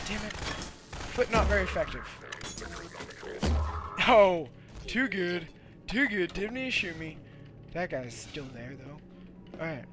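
A young man giving loud, goofy commentary while playing a video game, with sudden shouted outbursts. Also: sits high, background noise. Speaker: let's play gamer. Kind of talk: energetic gameplay commentary.

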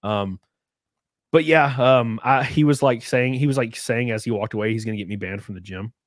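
A man's voice: mid-range voice, normal speed, no room sound, studio quality. Profane, rambling man in casual chat. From US South. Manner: profane, rambling storytelling with frequent fillers. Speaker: podcast host.

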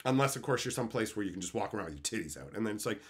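A man streaming live, reading chat questions and ranting in a loud, profane, laughing way. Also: on the low side, very fast. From Canada. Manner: loud, animated, frequent swearing and laughing.

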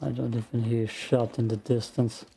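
A man giving calm, slow gameplay commentary, thinking out loud, with a gravelly morning voice. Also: mid-range voice, slight background noise. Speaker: game streamer.

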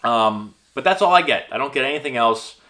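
A man's voice: medium pitch, lively intonation, a little fast, sharp tone. A man in his thirties, a former pro ballplayer and coach, talking casually to his viewers in a rambling way, with lots of fillers and restarts. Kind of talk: casual vlog talk to camera.

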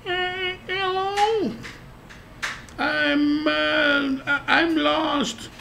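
A man voicing a timid, lost fellow who speaks high and haltingly. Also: fairly even intonation, gravelly, pushed and bright, slight background noise, heavily acted. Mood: flustered. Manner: halting, unsure.

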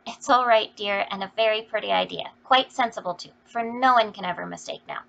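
A woman's voice: mid-range voice, brisk, creaky, fairly bright tone. A woman reading the lines of a sensible, kindly eldest sister who speaks in a soothing, reassuring way. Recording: dull lo-fi recording.

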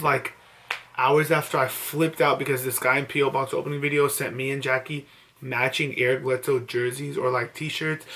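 A man's voice: mid-range voice, fairly bright tone, slight background noise. A young man vlogging at home late at night, overwhelmed and teary with disbelief, just woken up. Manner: overwhelmed, emotional, breathless disbelief. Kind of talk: late-night excited selfie vlog.

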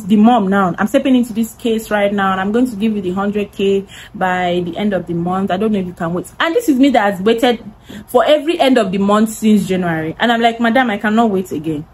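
A young woman telling a lively storytime vlog, acting out the voices of the people in it. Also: mid-range voice, a little hiss or hum, rough recording. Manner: animated, acts out quoted voices. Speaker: content creator.

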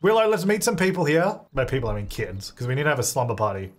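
A man's voice: mid-range voice, very animated, fast, few pauses. A young man hosting a life-sim let's play, chatty and laughing often as he plays. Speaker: gaming channel host.

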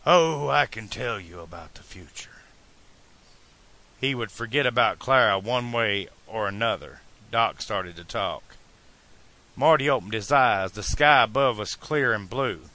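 Slow, bright-voiced male audiobook narrator. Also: mid-range voice.

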